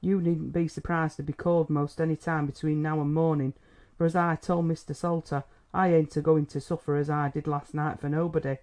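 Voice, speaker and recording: A man's voice: a little high, little pitch movement, fairly quick, darkish tone, lightly acted. A man doing an acid, complaining village hypochondriac. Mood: sour. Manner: acid and whining, rustic speech. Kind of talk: audiobook character reading.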